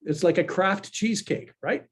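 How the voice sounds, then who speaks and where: A man guest telling lively personal stories in a casual podcast chat. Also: high voice, normal speed. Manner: animated anecdotal, frequent fillers. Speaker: pollster and guest.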